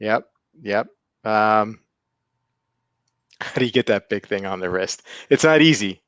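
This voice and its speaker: Man, casual livestream host, smooth lowish voice, greets viewers, chuckles, dry close mic. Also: steady tone, slow pace, a bit bright, no echo. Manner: greets chat viewers by name, chuckles often.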